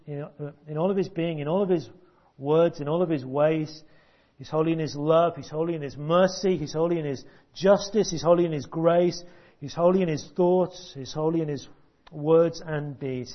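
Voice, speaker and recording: A man preaching a sermon, emphatic and deliberate, with long pauses, repeated words and sudden hushed drops. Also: on the high side. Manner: drops to a hush at key points. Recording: dull lo-fi recording.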